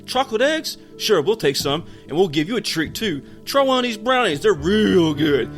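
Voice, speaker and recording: A man voicing a pushy young man who talks in a loud, coaxing, sneering way. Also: high-pitched, sing-song, normal speed, faint music behind, pitched above the performer's own voice. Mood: sly.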